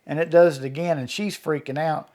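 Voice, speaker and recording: A man's voice: a little high, steady tone, brisk, a little mellow. A middle-aged man, telling a story in a folksy, rural way and acting out what people said. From Kentucky. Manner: folksy rural storyteller, acts out quoted dialogue. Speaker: eyewitness guest. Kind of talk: storytelling interview.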